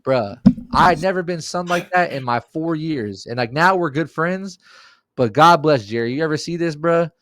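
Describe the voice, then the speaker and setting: A man with a slightly high voice and normal speed tells a profane, rowdy tale on a podcast, keeping it casual. Animated throughout, he acts out the quoted lines, and the audio has no echo.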